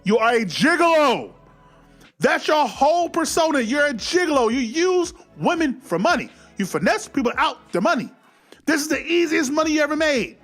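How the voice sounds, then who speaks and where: A man giving a casual, animated movie recap, swearing freely and acting out the scenes as he goes. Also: very high-pitched, normal speed, faint music behind. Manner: animated, profane, acts out scenes. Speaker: film reviewer.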